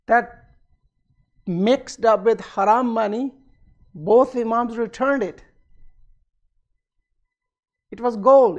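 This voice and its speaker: A man preaching a sermon at a community centre, retelling a story and acting out its dialogue with rising emphasis. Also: very high voice.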